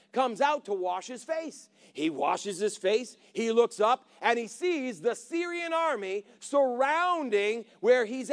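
A man preaching a sermon, retelling a story with energy, acting out the characters and calling out to the congregation. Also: high-pitched. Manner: animated, acts out characters, calls to congregation.

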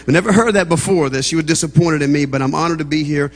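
A man's voice: on the high side, fast, few pauses. A man with a Southern American accent, preaching as a guest speaker in a church, joking with the congregation before building into fervent preaching. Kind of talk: humorous sermon opening. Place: church sanctuary. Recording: long church reverb.

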